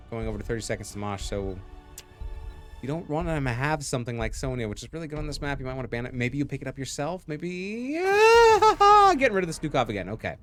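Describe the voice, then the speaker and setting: A man's voice: mid-range voice, fairly bright tone. A man casting a live video game match, with goofy, jokey asides between calls. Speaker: esports caster.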